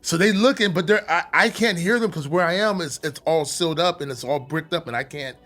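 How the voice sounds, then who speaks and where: Animated man telling a prison story. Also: a little high, fairly quick, soft background music. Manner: animated, profane, with frequent restarts. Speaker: podcast guest. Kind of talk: casual storytelling.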